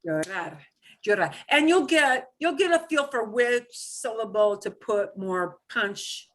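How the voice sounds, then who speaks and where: A woman's voice: on the high side, slow pace. A woman teaching a beginner Spanish class over a video call, patiently modeling words for students to repeat.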